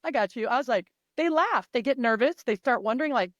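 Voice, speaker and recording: A woman coach with a fairly high voice speaks with emphatic, animated energy. She swears freely and slips into the voices of her athletes, recorded close and dry with no room sound. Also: fairly quick, no room sound, lo-fi sound. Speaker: mindset and performance coach. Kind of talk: guest in a sports interview.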